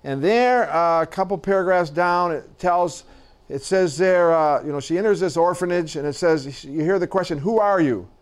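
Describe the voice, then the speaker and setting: A male teacher lectures a small class with a fairly high voice. He stumbles over his words, doubling them up and leaning on fillers. He sounds like he is in a classroom. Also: moderate pace, clear, resonant tone. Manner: hesitant, repeats words and fillers. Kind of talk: classroom lecture and reading aloud.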